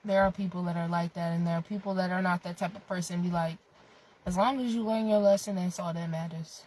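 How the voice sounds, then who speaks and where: A woman's voice: on the low side, brisk, rough recording. A young woman vlogger giving a blunt, profane motivational rant in casual chat. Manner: profane, blunt, animated with bursts of laughter.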